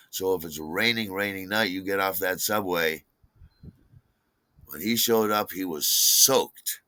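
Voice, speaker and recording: A man's voice: low-pitched, pushed and bright, no room sound. An older man telling a personal story in a wry, conversational way. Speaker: podcast host.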